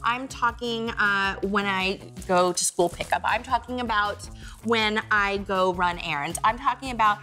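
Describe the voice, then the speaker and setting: A woman's voice: mid-range voice, unhurried, pushed and bright, soft background music. A woman in her forties hosting a casual lifestyle vlog, chatty and gushing as she shows off her favorite things. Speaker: vlog host.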